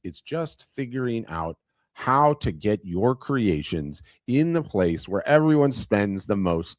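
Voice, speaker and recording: A man's voice: medium pitch, no echo, clean studio sound. A man hosting an art business talk, speaking emphatically to camera, going on tangents and repeating phrases for effect. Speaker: host of an art business webinar. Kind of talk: animated motivational talk to camera.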